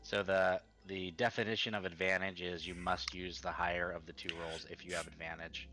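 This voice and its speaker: A man's voice: deep voice, level tone, a little fast, pushed and bright, faint music behind. A man playing a tabletop game, talking hesitantly with many fillers. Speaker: player.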